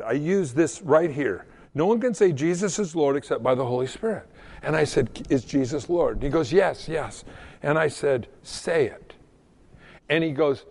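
A man who is a pastor, preaching a sermon and telling a story in an animated way, often repeating words as he goes. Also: fairly high pitch.

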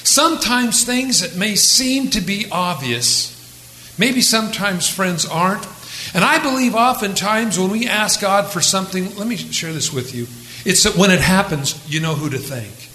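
High-voiced bright pastor preaching. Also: male voice, lively intonation, moderate pace, echoey room, rough recording. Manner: conversational preaching with dramatic raised quotes. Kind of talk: sermon.

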